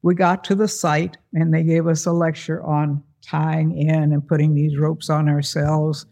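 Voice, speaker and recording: An unhurried storyteller with a gravelly voice pitched a bit higher than usual, this man shares a personal tale before a live audience. He performs it animatedly, giving voice to the other people in the story.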